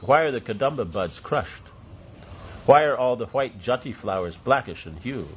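A man reading the lines of a lovesick young woman, exclaiming and lamenting in his own lowish voice. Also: expressive, normal speed, highs cut off, a little hiss or hum, lightly acted.

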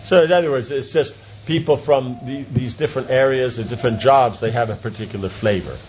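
A man's voice: mid-range voice, fairly quick, a little mellow. A man teaching a class in an informal discussion, explaining with everyday examples and checking that students follow. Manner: explains with everyday examples, often asks if it makes sense. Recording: dull lo-fi sound with light noise.

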